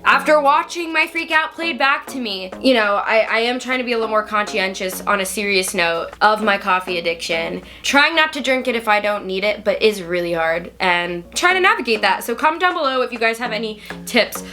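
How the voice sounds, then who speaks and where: Bright-voiced young woman vlogging. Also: mid-range voice, expressive, brisk, hardly any pauses, faint music behind. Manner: candid, chatty, self-critical. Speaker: youtuber reacting to her show. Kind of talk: casual vlog commentary.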